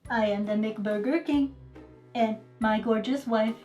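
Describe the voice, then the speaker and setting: A woman's voice: a little high, unhurried, mellow, faint music behind, lightly acted. A woman doing a comedic impression of a boastful, self-praising male president in a sketch.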